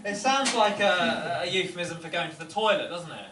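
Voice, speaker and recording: High-voiced comedian on stage. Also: male voice, lively intonation, normal speed. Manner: wry, rambling, self-interrupting. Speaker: stand-up comedian. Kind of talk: stand-up set. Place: comedy venue, live audience. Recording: roomy, distant, noisy live room.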